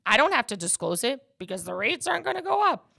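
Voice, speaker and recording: A woman's voice: on the high side, big pitch swings, quick pace, creaky, bright, forceful tone. A woman hosting a casual podcast as a mortgage agent, talking with emphatic passion and speaking straight to her listeners.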